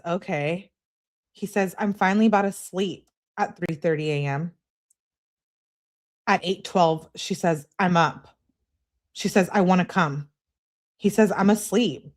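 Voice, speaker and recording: A woman reads text messages aloud for a live stream, voicing both sides. She is animated and breaks off now and then for a wry aside of her own. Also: medium pitch.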